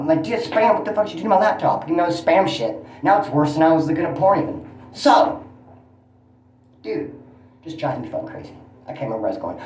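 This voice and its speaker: Fast-talking, profane man venting in an echoey room. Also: on the high side, a little hiss or hum. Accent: Californian. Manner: profane, venting, animated storyteller. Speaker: YouTube channel host. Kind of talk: casual rambling vlog. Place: motel room.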